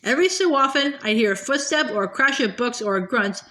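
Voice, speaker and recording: Woman reading a book aloud, slightly high. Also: lively intonation, brisk, pushed and bright. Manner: unpolished reading with sighs and small stumbles. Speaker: reader.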